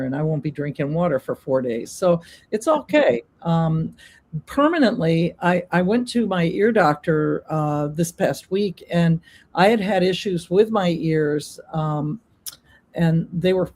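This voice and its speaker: A woman's voice: deep voice, darkish tone. An older woman sharing her own experience as a guest, rambling and chatty with many ums. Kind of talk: casual testimony.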